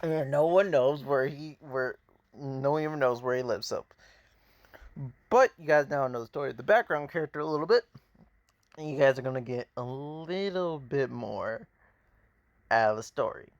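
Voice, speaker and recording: A man's voice: mid-range voice, expressive, normal speed, lo-fi sound. A man casually chatting to his viewers before telling a story. He rambles, hesitates and restarts a lot, talking from his bed at home. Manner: rambling, hesitant, lots of fillers. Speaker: storyteller introducing his series. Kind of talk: casual vlog chat.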